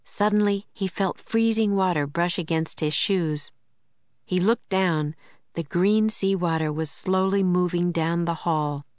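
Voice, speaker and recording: A woman reading a children's chapter book aloud in an even, clear storytelling voice. Her pitch sits on the low side. The recording is close and dry with no room sound. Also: unhurried, dry recording. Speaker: audiobook narrator. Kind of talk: scripted narration.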